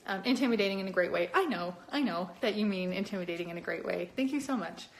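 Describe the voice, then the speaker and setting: A young adult woman chatting casually on a live stream, talking with viewers in an animated, lively way. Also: fast. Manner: chatty and animated, with many upward pitch jumps. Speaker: cosplayer hosting a live stream.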